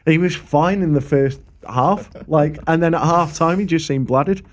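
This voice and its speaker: A man's voice: fairly high pitch, normal speed. A young man who tells sweary stories as a podcast co-host. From Preston area, England. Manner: sweary, laid-back anecdotal. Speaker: podcast co-host, local musician. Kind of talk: casual storytelling chat.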